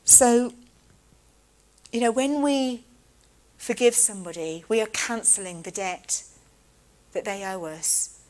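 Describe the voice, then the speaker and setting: A woman preaching a sermon in a measured, conversational way. She slows down to stress key words and drops in casual asides. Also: medium pitch, darkish tone, low-quality recording.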